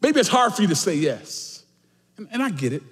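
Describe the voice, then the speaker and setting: High-voiced preacher in an echoey hall. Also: male voice, sing-song, fairly quick. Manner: emphatic, swinging between shouts and soft asides. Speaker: pastor. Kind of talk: sermon.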